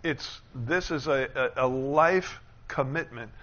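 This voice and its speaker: A man preaching a sermon as pastor, building to loud, emphatic declarations and dropping into quick conversational asides. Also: medium pitch, muffled recording.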